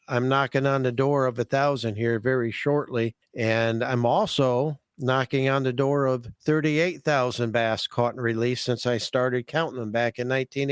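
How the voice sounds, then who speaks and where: A folksy man chats with enthusiasm on a fishing podcast and sometimes repeats himself as he goes. His voice comes across smooth and clear. The sound is dry and close to the mic. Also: medium pitch, no echo. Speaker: podcast host, fishing guide. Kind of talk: casual podcast chat.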